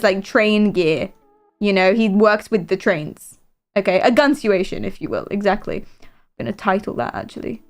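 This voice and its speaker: British woman streamer, higher voice, rambling giggly chat. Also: a bit bright. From Britain. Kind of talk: casual live-stream chat.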